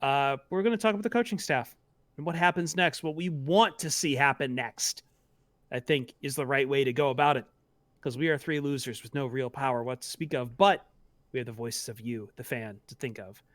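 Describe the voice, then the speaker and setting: A man hosting a sports podcast, joking in a wry, sarcastic, low-key way and throwing to a break. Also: brisk, fairly bright tone, no echo, studio quality. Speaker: podcast host. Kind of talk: casual sports podcast chat.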